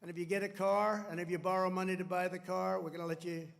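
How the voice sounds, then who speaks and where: A man's voice: high-pitched, level tone, fast, vocal fry. An older man giving a rambling, boastful political speech from a podium, repeating himself and drifting into asides. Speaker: speaker at a military base.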